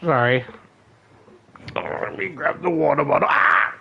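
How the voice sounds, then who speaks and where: A man's voice: on the high side, unhurried, creaky, husky, muffled recording. A young man chatting casually late at night, tired and loopy, rambling and self-mocking, filling his talk with "like" and "right?". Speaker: gaming video creator.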